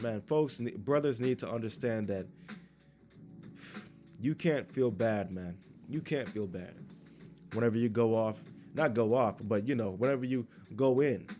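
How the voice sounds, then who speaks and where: A man's voice: lowish voice, warm tone. Blunt, profane preaching man. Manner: blunt, crude, scolding, reads verses aloud. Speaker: street preacher. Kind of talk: profane scripture commentary.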